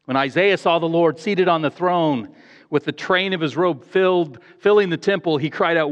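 A man's voice: fairly high pitch, moderate pace. A man preaching a sermon in an earnest, emphatic way, repeating phrases for stress. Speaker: pastor. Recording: echoey hall, dull lo-fi sound.

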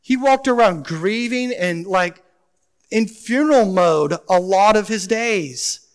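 Pastor guy with a high voice preaching, asks the room questions, gets loud then goes soft and pleading. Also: expressive, slow pace. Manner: emphatic, asks the congregation questions; swings from loud urgency to quiet pleading. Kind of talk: sermon.

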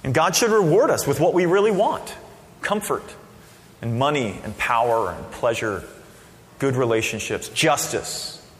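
A man preaching a sermon as a pastor, casual and conversational, with sudden loud bursts. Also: medium pitch, expressive, a little slow. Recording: long reverb of a hall.

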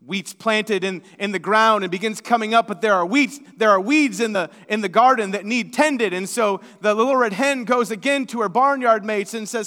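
A man's voice: high-pitched, moderate pace, fairly bright tone, in a large hall. A man preaching in a church, praying and then telling a story in a folksy, conversational way, often repeating words. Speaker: pastor. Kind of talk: sermon with prayer and storytelling.

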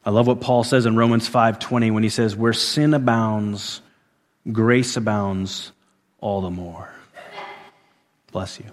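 Preacher in a reverberant church hall. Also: male voice, on the low side, fairly even intonation, a little slow, pauses often. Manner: swings from loud emphatic peaks to soft hushed endings; repeats phrases for emphasis. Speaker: pastor. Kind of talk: sermon.

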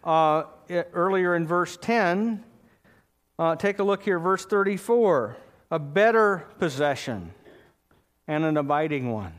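A high-pitched man delivers a sermon at an unhurried pace. He preaches with emphasis, leaning on key words and calling for amens from the congregation in a church. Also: animated. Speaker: pastor.

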